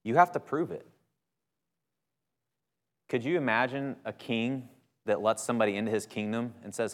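A male minister preaches to his congregation in a relaxed, conversational way. He leans hard on key words for emphasis and keeps asking "right?". His voice rings out with a long reverb tail, as if filling a church hall. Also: mid-range voice, normal speed. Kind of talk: sermon.

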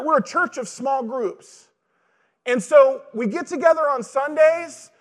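Male pastor with a very high voice, preaching in a conversational style to the congregation. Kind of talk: sermon.

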